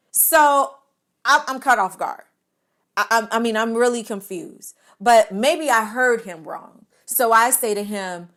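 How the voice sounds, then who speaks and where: A woman telling a comic personal story on a podcast, animated and expressive, laughing often and stumbling over words when worked up. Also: a little high.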